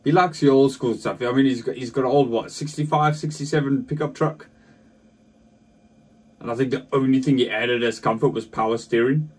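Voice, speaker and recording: A man's voice: mid-range voice, steady tone, moderate pace, a little mellow, slightly rough. Man commenting casually from a distance. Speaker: reaction video host.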